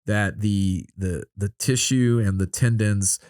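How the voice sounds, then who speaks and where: A man's voice: fairly low pitch, slow, a little mellow, no room sound, clean studio sound. A man hosting a podcast, chatting casually and rambling, with many "like" and "you know" fillers. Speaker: podcast host. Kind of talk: casual interview chat.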